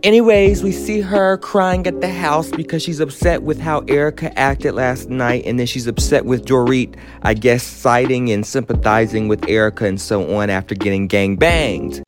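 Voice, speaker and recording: A woman's voice: rumbling low, steady tone, moderate pace, few pauses. A woman recaps a reality show in a sassy, profane, sing-song way. She jokes and teases as she talks, and music plays under her voice. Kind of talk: casual comedic recap commentary.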